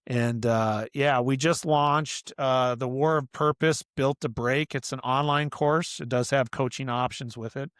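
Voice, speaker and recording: Middle-aged guy on a podcast, smooth clear voice, dry close sound, earnest, rambles with lots of "you know". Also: medium pitch, fairly even intonation, a little slow, few pauses, a bit bright, no echo. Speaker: podcast guest, author and coach. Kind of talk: casual interview conversation.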